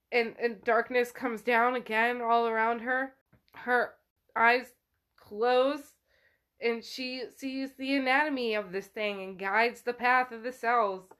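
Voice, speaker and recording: A woman's voice: a little high, fairly bright tone. A woman podcast host casually retelling a book chapter, with lots of "like" fillers.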